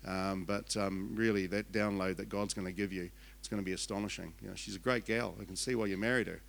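Chatty older Kiwi pastor, joking. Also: male voice, low-pitched, fairly even intonation, quick pace, creaky, a bit bright. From New Zealand. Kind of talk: sermon.

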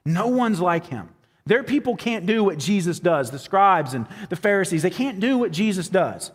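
A man's voice: sits high, big pitch swings, normal speed, long reverb tail. A man preaching a sermon in a casual, conversational way, with fillers and quotes he acts out. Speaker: pastor.

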